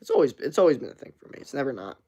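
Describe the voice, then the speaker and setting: A man's voice: mid-range voice, big pitch swings, rapid-fire, a little mellow. A young man streaming live, chatting loosely and swearing as he reads and answers chat messages. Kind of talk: casual live-stream chat reading comments.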